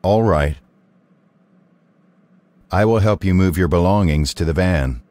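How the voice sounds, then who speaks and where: A man's voice: low voice, measured pace, dark tone. An actor playing a male robot with a new human-sounding voice, talking earnestly and in carefully worded sentences.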